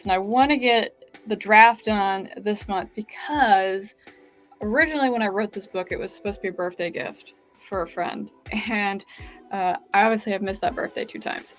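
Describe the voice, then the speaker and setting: A woman's voice: medium pitch, fairly bright tone. A woman hosting a live writing-sprint stream, chatting casually and reading viewer comments aloud, with lots of "like" fillers.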